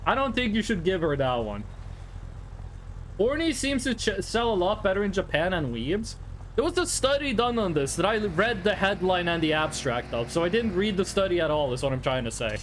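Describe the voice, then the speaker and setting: A man's voice: high voice, fairly bright tone, slight background noise. A young Norwegian man with a Norwegian accent, chatting casually and jokily with his chat while streaming a game. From Norway. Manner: rambling, chatty, answers chat, jokey.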